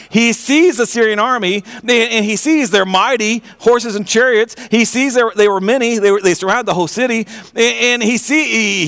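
A man with a high voice delivers a sermon as a preacher. He tells the story with animation, often stumbling and repeating the start of his phrases. He keeps turning to ask his listeners direct questions. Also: fairly bright tone. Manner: asks the audience direct questions.

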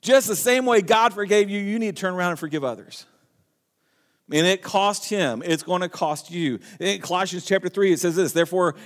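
A male pastor preaching a sermon, his voice sitting high for a man. He reads scripture aloud and talks earnestly, often restarting his phrases. The sound rings with a long hall reverb.

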